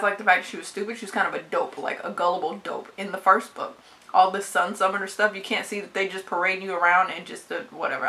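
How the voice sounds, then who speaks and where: A woman's voice: medium pitch, bright, forceful tone. A woman book vlogger talking casually and bluntly, swearing freely and laughing often. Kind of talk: casual book tag vlog.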